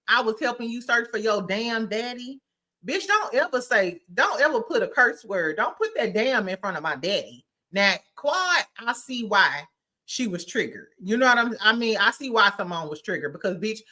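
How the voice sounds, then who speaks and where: A woman's voice: fairly high pitch, sharp tone. A woman hosting a casual, slangy recap chat, acting out quotes and laughing often. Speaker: podcast host.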